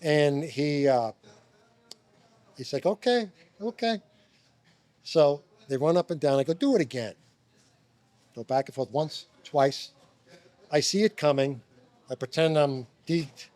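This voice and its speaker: Middle-aged man, fairly high voice, dry sound. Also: fairly even intonation, a little slow, long pauses, a little mellow, no room sound. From Long Island, New York. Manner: swearing, acts out quotes. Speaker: guest, former basketball player. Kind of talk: animated storytelling. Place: restaurant.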